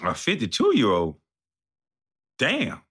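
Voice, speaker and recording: A man's voice: medium pitch, slow, breathy edge. Blunt, profane man ranting. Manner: blunt, animated, storytelling with put-on quotes.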